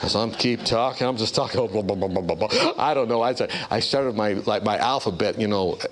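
A man preaching a storytelling sermon, acting out the voices of the people in his stories. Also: fairly quick. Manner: animated storyteller, acts out voices with big pitch jumps.

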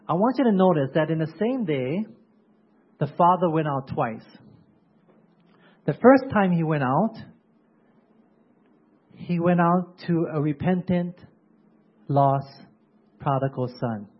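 A preacher gives a sermon in a husky, rather high voice, regularly pausing to ask the congregation questions. The audio is dull and lo-fi, its high frequencies muffled.

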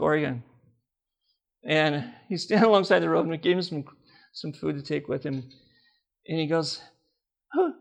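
A man's voice: on the high side, creaky, fairly bright tone. An older man preaching a personal testimony, telling stories with laughter and acting out the dialogue.

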